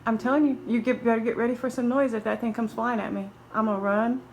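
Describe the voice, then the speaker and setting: A woman filming a casual vlog inside her house, excitable, flustered and a little breathless. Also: fairly high pitch, fast talker. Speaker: vlogger. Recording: echoey room with faint background noise.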